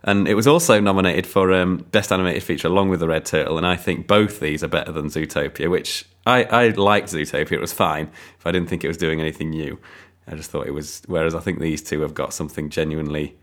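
Low-voiced man reviewing films. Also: steady tone, fast talker, few pauses, a bit bright. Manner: rambling, enthusiastic, frequent ums. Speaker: podcast film reviewer. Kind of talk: casual chat.

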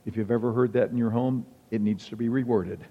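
A man's voice: mid-range voice, fairly even intonation, fairly quick. A male pastor preaching a sermon in a conversational, wry manner, quoting examples as he goes. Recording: dull sound with long hall reverb.

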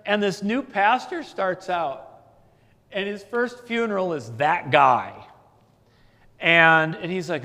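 A man preaching a sermon as the pastor, telling stories in a relaxed, conversational way with asides. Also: high-pitched, takes it slowly, pauses often, big-room sound.

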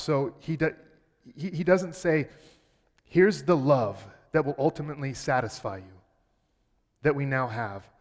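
A man delivers a sermon from the pulpit in a middle-range voice. He drops quiet and then lifts into emphatic peaks. Long reverb hangs behind him, as in a large church hall. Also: medium pitch. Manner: earnest preaching, swings from quiet to emphatic. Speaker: pastor.

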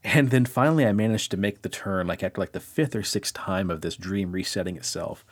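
A man with a fairly low voice tells a meandering story on a podcast, full of "like" and "you know". His delivery is loose and animated, like casual chat between friends. The recording sounds close and dry, with no room around it. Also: a little fast, no room sound. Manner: rambling, animated, heavy use of "like". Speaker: podcast co-host.

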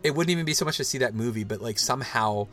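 A man's voice: medium pitch, expressive, rapid-fire, fairly bright tone, faint music behind. A man in his thirties hosting a casual chat, talking loosely with lots of "like" and restarts. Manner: rambling, loose, full of "like" and restarts. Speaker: podcast host.

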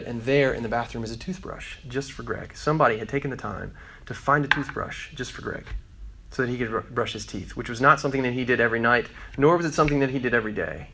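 A man in his thirties preaching a sermon, telling a story and acting out the quotes in softer voices. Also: medium pitch. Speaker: pastor.

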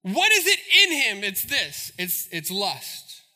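A pastor preaching a sermon in an animated, joking, storytelling way. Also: male voice, high-pitched, takes it slowly.

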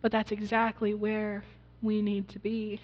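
A woman's voice: medium pitch, monotone, unhurried. A woman pastor preaching a sermon, earnest and storytelling, often asking the congregation questions. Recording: dull recording in a reverberant hall.

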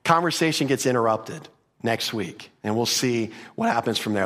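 A man's voice: medium pitch, animated, a bit bright. Man preaching a conversational sermon. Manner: conversational teaching with quick asides. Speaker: pastor. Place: church.

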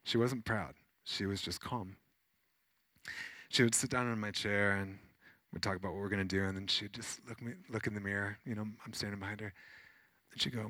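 A man, a pastor, preaching a sermon in a conversational, animated way with many fillers as he tells personal stories. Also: lowish voice, a little fast, no room sound.

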